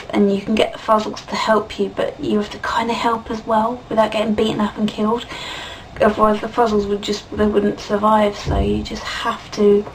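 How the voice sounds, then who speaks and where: A woman giving a casual, chatty spoken game review, laughing often and filling pauses with ums. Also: mid-range voice, recorded from a distance, slight background noise, rough recording. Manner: chatty and giggly, many fillers and laughs.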